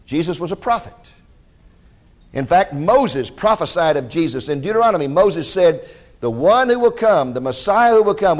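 High-voiced animated male preacher. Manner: animated storytelling with dramatized quotes; directs listeners to scripture passages. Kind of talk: sermon.

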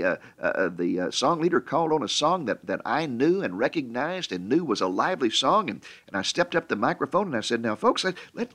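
A middle-aged man preaching a sermon and telling stories in an animated way, often stammering and repeating words. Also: mid-range voice. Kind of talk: sermon storytelling.

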